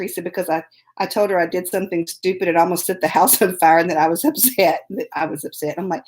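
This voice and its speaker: A woman's voice: on the low side, brisk, a little mellow. A woman telling a story to camera in a casual, self-mocking way, laughing often. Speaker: host.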